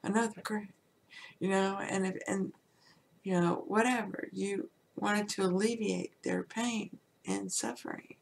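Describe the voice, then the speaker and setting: A woman hosting a podcast, teaching in a casual, rambling way with many "you know" fillers, sometimes dropping to a soft near-whisper. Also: mid-range voice, steady tone, unhurried, gravelly, slight background noise. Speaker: podcast host. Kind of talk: casual spiritual teaching talk.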